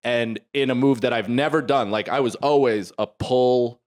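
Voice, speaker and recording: A man co-hosting a comedy podcast, telling a story in an animated way, acting out both sides and swearing freely. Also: mid-range voice, normal speed.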